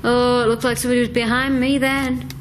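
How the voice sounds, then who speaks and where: A woman investigating a haunted building, calling out slow, coaxing questions to a spirit. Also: on the high side, flat delivery. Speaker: paranormal investigator. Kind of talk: ghost-hunting calls to spirits. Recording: noisy location recording.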